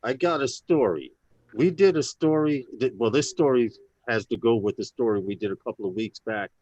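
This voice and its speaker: A man's voice: mid-range voice, moderate pace, darkish tone, no room sound, lo-fi sound. A man co-hosting a casual live talk show, telling stories in a chatty way. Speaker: co-host.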